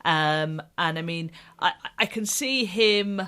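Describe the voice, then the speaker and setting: A woman's voice: on the low side, slow, pushed and bright, clean tone. A woman co-hosting a podcast, chatting casually about a TV show and laughing often. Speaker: podcast co-host. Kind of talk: casual TV review chat.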